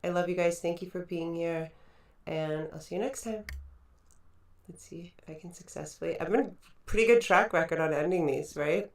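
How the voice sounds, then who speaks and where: A playful woman host wrapping up a casual show, tossing in jokes and quick asides. Her voice sits a little low and carries the echo of a roomy space, heard from a bit away from the mic. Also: creaky, recorded from a distance. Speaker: podcast host. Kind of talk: casual chat show sign-off.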